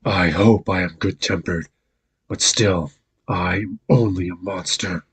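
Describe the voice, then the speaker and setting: A man doing a gruff, sorrowful beast. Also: low-pitched, fairly even intonation, unhurried, heavily acted. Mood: melancholy. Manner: melancholy, awkwardly polite. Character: gentle, sad, gruff male beast.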